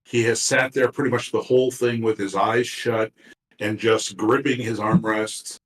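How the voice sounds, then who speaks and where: A man's voice: fairly low pitch, level tone, a bit bright. Guy running an rpg, lots of ums, sounds far from the mic in a roomy space. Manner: halting, many fillers and restarts. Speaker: game master. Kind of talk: narrating a tabletop game.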